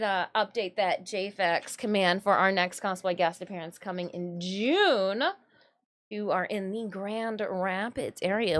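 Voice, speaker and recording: A woman's voice: mid-range voice, a bit bright. A woman from Michigan chatting casually on a live stream, greeting viewers and talking to her cats.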